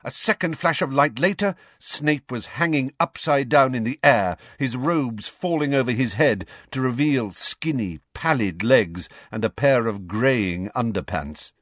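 A man reading an audiobook as narrator, in a measured, expressive manner. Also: medium pitch, dry recording, clean studio sound.

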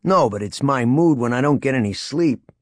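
A man doing a gruff, roguish smuggler. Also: medium pitch, normal speed, no echo, studio quality, voice pushed up, lightly acted. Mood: grumpy. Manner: growling, deadpan. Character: gruff roguish male smuggler, short-tempered.

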